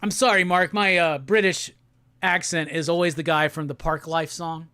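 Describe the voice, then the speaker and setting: A man's voice: on the high side, fairly even intonation, moderate pace, clean tone, no room sound, clean studio sound. A man hosting a casual live stream, reading viewer messages aloud and joking with the chat. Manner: reads viewer super chats aloud and jokes around. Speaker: livestream host. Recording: loud music playing behind the voice.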